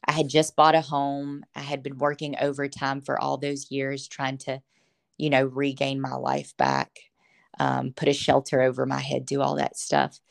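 Low-voiced woman sharing her story. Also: normal speed, creaky. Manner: earnest, emotional, laughs often. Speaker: podcast guest. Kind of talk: casual faith testimony.

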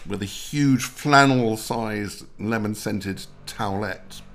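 A man's voice: lowish voice, slow pace, fairly bright tone. A man in his sixties chatting as a guest, telling rambling anecdotes. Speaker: guest, mergers and acquisitions adviser. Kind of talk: casual chat.

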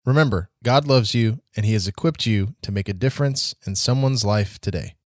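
A man's voice: fairly low pitch, brisk, no room sound, clean studio sound. A man hosting a devotional podcast, speaking in an earnest, encouraging way. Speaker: podcast host.

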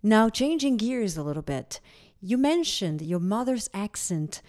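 A woman's voice: mid-range voice, big pitch swings, measured pace, darkish tone. A woman with a foreign accent hosting an interview, asking curious, enthusiastic questions. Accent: non-native English. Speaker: interviewer, host. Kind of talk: interview conversation.

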